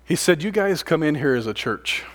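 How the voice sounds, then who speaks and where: A man's voice: fairly high pitch, expressive, normal speed. Dramatic male preacher telling a story. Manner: dramatic, swings from loud to hushed. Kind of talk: sermon storytelling.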